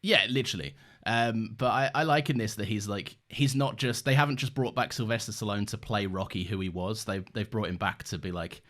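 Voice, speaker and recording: A man's voice: on the low side, fairly quick, hardly any pauses, fairly bright tone. A man with an enthusiastic, earnest manner, co-hosting a casual chat reviewing a film. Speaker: podcast co-host.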